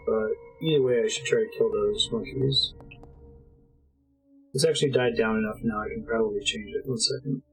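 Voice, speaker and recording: A man's voice: fairly low pitch, moderate pace, faint music behind, rough recording. A young man streaming a game live, chatting with viewers as he plays and cursing at the game now and then. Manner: chatty, talks to chat while playing, swears at the game. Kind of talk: casual live-stream commentary. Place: home streaming setup.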